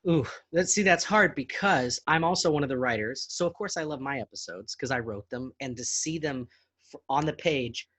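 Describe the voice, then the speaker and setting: Actor guy in his 40s, chatty and animated, dry close mic. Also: medium pitch, normal speed, dry recording. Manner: animated, laughs easily, slips into accents for jokes. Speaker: actor and podcast producer, guest. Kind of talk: casual interview chat.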